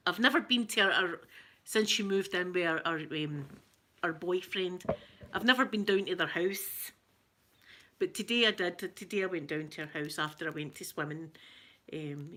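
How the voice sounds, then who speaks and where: Middle-aged Scottish woman, chatty host, bright voice, rambling and self-mocking. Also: lowish voice. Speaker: ASMR channel host. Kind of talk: casual chat to viewers.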